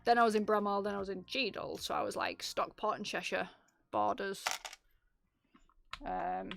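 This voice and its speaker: A woman's voice: mid-range voice, normal speed, creaky, noisy background. A woman from Bradford with a broad Yorkshire accent, co-hosting a casual livestream while building a keyboard, chatty and self-deprecating. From Bradford, England.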